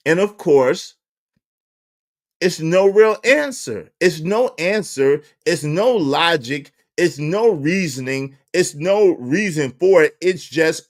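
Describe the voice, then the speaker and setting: A high-voiced commentary channel host rants to a live chat, exasperated, with lively intonation and a slow pace. He mocks critics in put-on voices, repeats phrases for emphasis, and laughs between lines.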